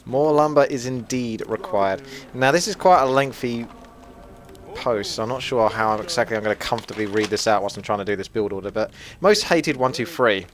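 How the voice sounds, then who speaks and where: A man's voice: mid-range voice, a little fast. A young man with a mixed British accent giving playful, self-mocking, chatty commentary over a strategy game. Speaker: gaming commentator. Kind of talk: casual gameplay commentary.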